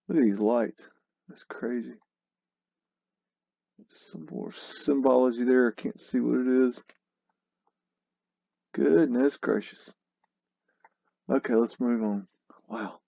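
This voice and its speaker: A man's voice: mid-range voice, gravelly, dry recording, highs cut off. A man hosting a casual commentary over old photos, scoffing and exclamatory, with a mocking edge. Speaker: host.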